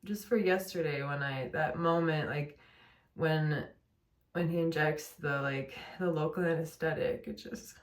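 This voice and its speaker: A woman's voice: deep voice, steady tone, a little slow. A young woman venting late at night at home, in pain and worn down, rambling with lots of fillers and self-corrections. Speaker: vlogger. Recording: roomy echo.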